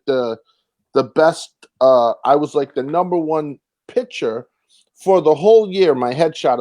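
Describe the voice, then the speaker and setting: A young man, a comedian and actor, telling a rambling, animated story with frequent restarts and casual swearing. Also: mid-range voice. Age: young adult.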